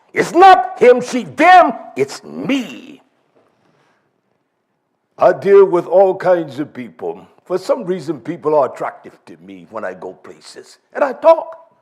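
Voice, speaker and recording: Male preacher, higher voice, slow emphatic delivery with big swings in pitch. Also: wildly swooping pitch, breathy edge. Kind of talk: sermon.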